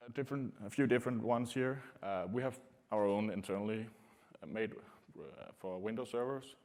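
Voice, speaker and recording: A man giving a technical conference talk to a room, speaking in a halting way with many filler sounds. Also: lowish voice, a little mellow. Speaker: conference presenter.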